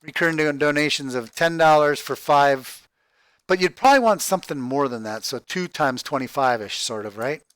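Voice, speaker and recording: A man with a somewhat high voice rambles through his budget figures, stopping and restarting and asking "right?" every few lines. He sounds like he's at home, close to a desk mic in a dry little room. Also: fairly bright tone, no room sound. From Texas, USA. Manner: halting, repeats words, thinks aloud, tags "right?". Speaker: crowdfunding project vlogger. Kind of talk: rambling screen-share walkthrough.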